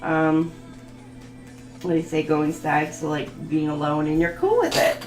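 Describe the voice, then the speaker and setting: A woman's voice: low voice, little pitch movement, measured pace, darkish tone, roomy sound, faint music behind, rough recording. A woman giving a casual live tarot reading from home, chatty and rambling with lots of fillers and laughter. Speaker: tarot reader. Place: home room.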